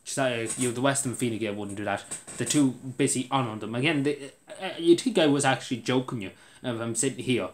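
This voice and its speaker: A man's voice: mid-range voice, a little fast, slight background noise. An Irish man delivering an indignant political rant to camera, repeating himself for emphasis. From Ireland.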